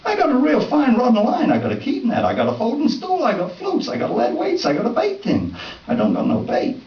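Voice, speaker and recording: A man reading his own comic story aloud at a live event, in a wry, deadpan first-person voice with folksy dialect. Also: very high voice, brisk. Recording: distant, roomy, dull live recording.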